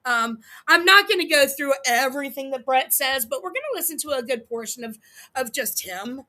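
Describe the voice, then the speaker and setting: A woman's voice: high-pitched, lively intonation, normal speed, bright, forceful tone. A woman hosting a livestream, reacting to a clip with profane, heated, laughing commentary. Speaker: livestream host. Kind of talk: casual commentary stream.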